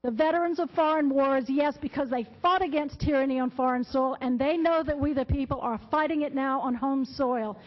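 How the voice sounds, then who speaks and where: A woman's voice: high-pitched, fairly quick, hardly any pauses. A woman speaking at a public comment podium, delivering a prepared, impassioned and emphatic speech with quotations. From Florida. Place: county commission meeting room. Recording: dull lo-fi public meeting audio.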